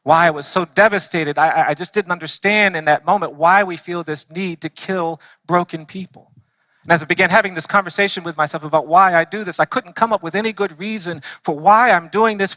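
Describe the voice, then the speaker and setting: Male lawyer giving a heartfelt church talk with earnest, slow emphasis and a bright, tense tone. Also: sits high, dry recording. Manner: earnest storytelling, slowing for emphasis. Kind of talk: impassioned speech to a church audience.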